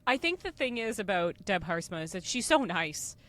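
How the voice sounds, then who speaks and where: A woman co-hosting a casual podcast, expressive and quick to laugh. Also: mid-range voice. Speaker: podcast co-host.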